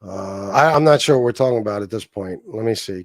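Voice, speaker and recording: A man's voice: lowish voice, lively intonation, brisk, hardly any pauses, no room sound, studio quality. A man hosting a casual livestream, reading chat comments aloud and mocking someone with heavy profanity. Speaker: livestream host.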